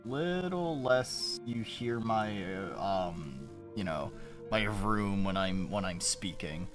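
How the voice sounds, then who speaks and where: A man's voice: lowish voice, animated, slow, music in the background. A man streaming from his room on a desk mic, chatting in a rambling, self-interrupting way and swearing often. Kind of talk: casual live-stream chat. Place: home room. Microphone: desk mic with noise gate.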